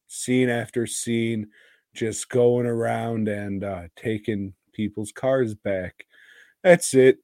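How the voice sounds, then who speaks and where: A man's voice: medium pitch, darkish tone, dry recording, studio quality. A man co-hosting a podcast in casual chat, rambling and teasing with crude language. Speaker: podcast co-host.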